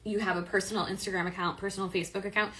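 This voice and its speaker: A woman's voice: mid-range voice, flat delivery, very fast, fairly bright tone. A woman hosting a live stream, reading viewer questions and answering them in a chatty, upbeat way with many fillers and self-corrections. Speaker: host of a live stream on affiliate marketing.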